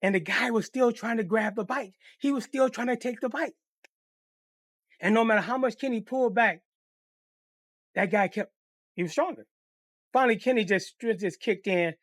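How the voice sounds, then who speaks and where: A high-voiced man, a channel host, tells a personal story in a casual storytime monologue, swearing freely and animatedly acting out the voices of the people in it. He speaks at a normal speed with long pauses. The recording is studio quality with no room sound.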